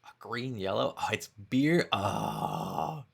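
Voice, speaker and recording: Male streamer, casual chat, low fry-heavy voice. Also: huge pitch swings, slow pace. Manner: loose, swears casually, laughs often.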